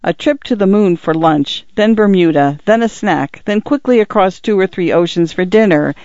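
A man's voice: high voice, normal speed, a little mellow, no echo, dull audio. A man voicing a divorced father who playfully, tenderly teases his young daughters in a story reading. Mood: teasing.

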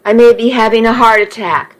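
A woman reading as a shrill vain mother. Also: brisk, close to an everyday voice, rough recording. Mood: self-pitying. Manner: dramatic, indignant. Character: shrill vain self-pitying mother, middle-aged. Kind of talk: reading a story aloud.

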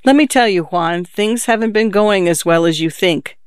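A man's voice: high voice, moderate pace, smooth, no echo, studio quality, close to an everyday voice. A man voicing an irritable, blunt boss who gives curt warnings, read as part of a story.

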